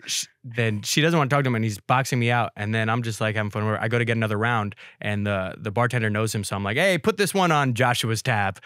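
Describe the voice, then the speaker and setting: A young man hosting a podcast, telling a story in a casual, deadpan way and swearing freely. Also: fairly low pitch, quick pace, hardly any pauses, smooth, dry recording, clean studio sound. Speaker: podcast host.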